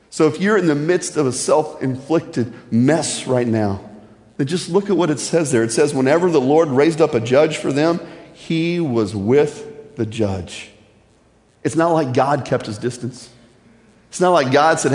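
A man preaching in an echoey church hall, his voice sitting a little high for a man. He speaks casually and jokes with his listeners, then pushes into animated storytelling. The long reverb of the big room trails after his words. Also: normal speed. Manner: conversational and joking, building to animated storytelling. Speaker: pastor. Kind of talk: sermon.

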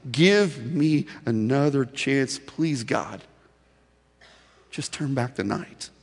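A man voicing a guilt-stricken adult male disciple, pleading in a low, hushed voice. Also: lively intonation, slow pace, husky, heavily acted. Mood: anguished pleading. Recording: long hall reverb.

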